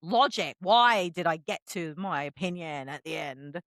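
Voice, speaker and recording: Woman podcast co-host, casual chat, swears freely, lively animated pitch, dry close sound. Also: moderate pace, no echo. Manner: swears freely, acts out quotes with big pitch jumps.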